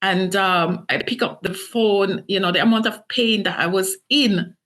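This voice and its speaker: A woman's voice: mid-range voice, measured pace, fairly bright tone. A middle-aged woman from Jamaica, earnestly and emotionally telling her own story in an interview. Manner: earnest, emotional retelling with acted quotes. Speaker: author and interview guest. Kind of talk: personal story told in an interview.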